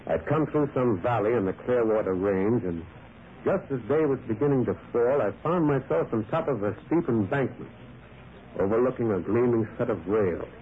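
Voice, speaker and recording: A man's voice: medium pitch, animated, normal speed, natural voice. An actor playing a lonely man who lives alone and tells his story in a brooding, dramatic way, in an old radio drama. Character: lonely male prospector narrating his past. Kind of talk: 1940s radio acting. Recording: tinny lo-fi old radio broadcast with faint hiss.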